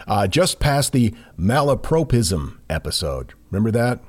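A man's voice: on the low side, a little slow, slightly rough. A man co-hosting a podcast, reading listener mail aloud in a playful way with frequent laughs. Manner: lively, playful, laughs often. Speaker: podcast co-host.

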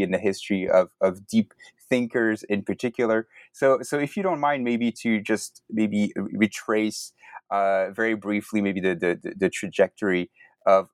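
Guy interviewing academics, lowish voice, keeps repeating words, dry sound. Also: dry recording. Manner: halting, many repeated words.

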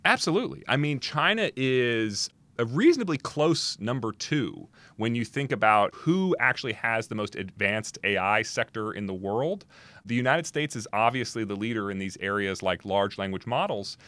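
Man, podcast guest expert, low voice, very lively pitch, emphatic, dry close sound. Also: moderate pace, no room sound. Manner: animated, emphatic, with frequent restarts and asides. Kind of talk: podcast interview answers.

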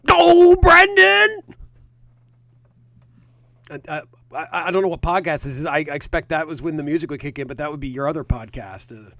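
A man co-hosting a podcast, bantering loosely and teasing his partner. His voice sits a little high. It is recorded close and dry. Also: fast talker, few pauses, no room sound. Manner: animated, swearing, teasing. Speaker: podcast co-host. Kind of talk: casual chat.

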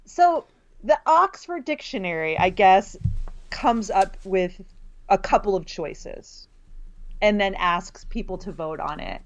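A woman's voice: mid-range voice, expressive, slow. Woman co-host, chatty, laughs a lot, lots of fillers, slightly muffled lo-fi sound. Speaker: podcast co-host and college writing teacher. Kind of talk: casual conversation.

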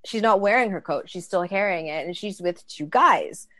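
A woman in her thirties telling a casual, animated story, acting out the lines of others. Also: fairly low pitch, normal speed, dry recording. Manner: animated, acts out dialogue. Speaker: storyteller guest.

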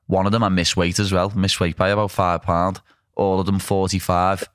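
A man's voice: low-pitched, flat delivery, normal speed, dry recording, studio quality. A young man, a pro fighter, chatting bluntly and casually about cutting weight. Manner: rambling, blunt, laughing. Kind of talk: casual chat.

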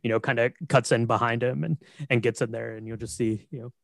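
A man co-host walks through a film's plot in a relaxed, easygoing manner, often murmuring agreement. His voice is mid-pitched and the recording is dry and close. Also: fast talker, creaky, no echo. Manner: relaxed, agreeable, frequent affirmations. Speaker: podcast co-host. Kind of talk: casual chat retelling a film.

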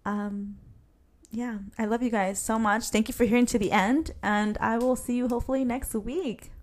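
A woman's voice: a little high, fairly even intonation, moderate pace, darkish tone. A young woman hosting a casual solo podcast from her bedroom, rambling and chatty with plenty of fillers and laughs. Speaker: podcast host.

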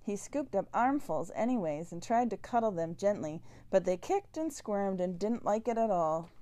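A woman reading a children's picture book aloud, slow and expressive. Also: mid-range voice. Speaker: storyteller.

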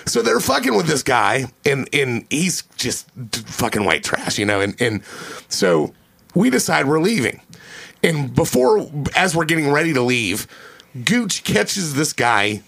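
A man's voice: a little high, very animated, measured pace, vocal fry, fairly bright tone, breathy edge. A man in his thirties, a podcast host, telling a rambling, profane story in casual chat in a home attic podcast room.

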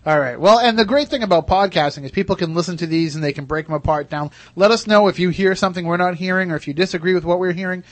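A man's voice: sits high, quick pace, few pauses. A man hosting a radio show, chatting eagerly and at length with his guests. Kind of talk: casual radio chat.

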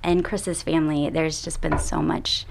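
A woman's voice: low voice, little pitch movement, unhurried, creaky, background noise. A Texan woman in her thirties co-hosting a podcast, chatting casually and rambling with fillers and restarts. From Texas. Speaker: podcast co-host. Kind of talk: casual chat.

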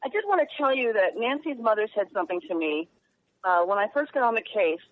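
A woman journalist speaking earnestly and emotionally as a guest in a radio interview, halting now and then. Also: mid-range voice, animated, slight background noise. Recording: tinny phone line.

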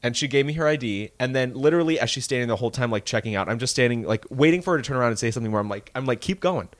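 A man's voice: mid-range voice, rapid-fire, no echo. A man co-hosting a podcast, telling stories in casual chat and acting out the people in them. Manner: animated storytelling with quoted voices. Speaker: podcast co-host.

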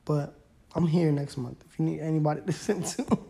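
A man's voice: on the high side, fairly even intonation, a little fast, vocal fry, warm tone, a little hiss or hum. A young man hosting his own podcast, chatting casually and rambling in laid-back slang. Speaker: podcast host. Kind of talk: casual solo podcast chat.

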